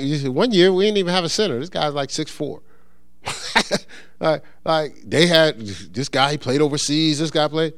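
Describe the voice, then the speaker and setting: A man's voice: fairly high pitch, clear, resonant tone, no echo. Middle-aged guy preaching casual, voice jumps all over, dry close sound, lots of restarts. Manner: conversational, animated, with many restarts and sports anecdotes. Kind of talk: informal sermon with scripture reading.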